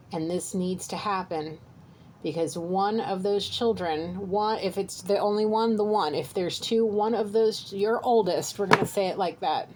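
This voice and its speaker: A woman's voice: fairly low pitch, darkish tone, a little hiss or hum, poor audio. Earnest woman giving a psychic reading. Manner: earnest, direct, repeats "okay?" to the viewer. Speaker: psychic reader. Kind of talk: channeled tarot-style reading to camera.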